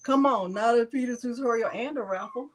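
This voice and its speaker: A woman's voice: fairly high pitch, brisk. A woman hosting a live crafting tutorial, chatting casually and teasing with frequent laughter. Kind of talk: casual live-stream chat.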